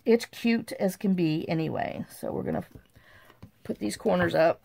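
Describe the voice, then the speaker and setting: A woman's voice: fairly low pitch, big pitch swings, moderate pace, creaky, warm tone. A middle-aged woman, hosting a chatty crafting tutorial at her craft table and rambling off on folksy, self-mocking tangents.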